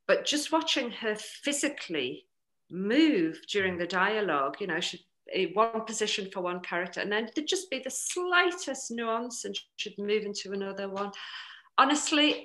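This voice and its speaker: A woman with a North East English accent, a novelist chatting casually in an interview, animated and full of restarts. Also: mid-range voice. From North East England. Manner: animated, many restarts and "you know"s. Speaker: novelist guest.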